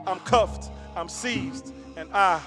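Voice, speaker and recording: A man's voice: high voice, slow, over music. A man performing his spoken word poem in a rhythmic delivery that rises into a half-sung chant.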